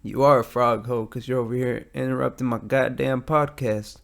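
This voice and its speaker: A man's voice: mid-range voice, steady tone, moderate pace, vocal fry. Rambling, foul-mouthed american guy podcasting. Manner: profane, rambling, self-deprecating. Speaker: podcast host. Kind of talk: casual solo podcast rant. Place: metal garage with a small booth, at night. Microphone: studio mic with headphones.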